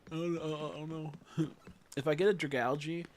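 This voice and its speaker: A man's voice: fairly high pitch, steady tone, normal speed, a little hiss or hum. A young man streaming a game, chatting casually, rambling, giggling often and swearing freely. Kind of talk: casual livestream chat while gaming.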